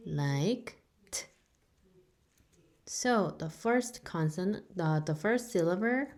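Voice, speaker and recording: Very slow, patient woman language teacher, native Korean speaker. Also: fairly low pitch, darkish tone. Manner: patient, repeats each sound several times for learners. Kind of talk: beginner language lesson.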